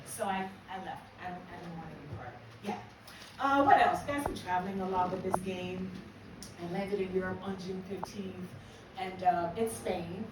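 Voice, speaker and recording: A woman's voice: lowish voice, normal speed. An older American woman doing a brash, profane stand-up comedy set at a live venue. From United States. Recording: echoey room, far from the mic, noisy.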